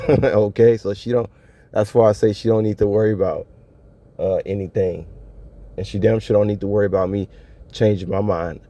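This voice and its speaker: A man's voice: lowish voice, fairly even intonation, normal speed, long pauses, mellow. A man talking casually to his viewers in a solo monologue, laid-back and slangy, often breaking into laughter. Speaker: vlogger. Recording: dull lo-fi audio.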